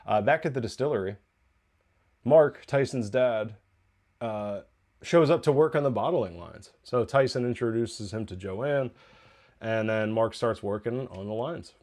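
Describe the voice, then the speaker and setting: A man with a mid-range, darkish voice speaks at a measured pace. He hosts a TV review podcast and recaps an episode casually, rambling along, correcting himself and laughing a lot.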